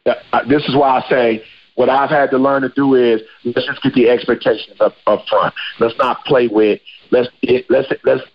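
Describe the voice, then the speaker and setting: A man's voice: mid-range voice, fairly even intonation, normal speed, muffled recording. A man hosting a podcast, talking casually and emphatically with slang. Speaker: podcast host.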